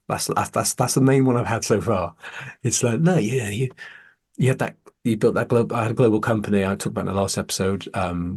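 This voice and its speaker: A man's voice: on the low side, husky. A man, hosting a podcast and talking candidly and earnestly, swearing when heated. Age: 40s. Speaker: podcast host. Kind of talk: candid casual conversation.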